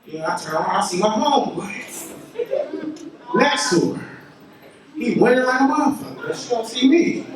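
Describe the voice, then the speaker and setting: A man doing crude, animated stand-up comedy, jumping into high-pitched voices for the people in his stories. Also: moderate pace, long pauses. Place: comedy venue with audience. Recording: far-off roomy live crowd recording.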